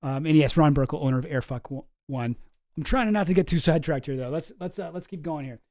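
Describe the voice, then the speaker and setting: A man's voice: a little high, a little fast, a little mellow, no room sound. A man streaming casual commentary from home, dry and skeptical, often trailing off into mumbles.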